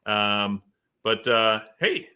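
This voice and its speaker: A man's voice: fairly low pitch, animated, very slow, sharp tone, clear, resonant tone. A man hosting a casual sports podcast, laughing often and teasing his guests. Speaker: podcast host.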